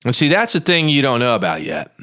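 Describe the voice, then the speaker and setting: A fast-talking man with a medium-pitched, sing-song voice that is pushed and bright yet clean in tone hosts his own monologue podcast. A lawyer by trade, he tells his story in a plain-spoken, blunt, folksy and emphatic way.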